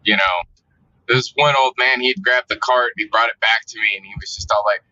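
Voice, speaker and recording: A man talks casually to his viewers, cursing freely and venting with exasperation. His voice is very bright and sharp-edged, heard through dull, lo-fi audio. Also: lowish voice, steady tone, brisk. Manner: profane, exasperated storytelling. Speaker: vlogger. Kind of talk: casual ranting monologue.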